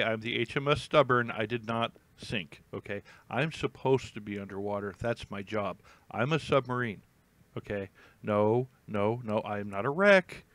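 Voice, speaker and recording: A man's voice: medium pitch, fairly bright tone, dry recording, natural voice. A man voicing a stubborn talking submarine that keeps insisting, indignant and repetitive, that it is not a wreck.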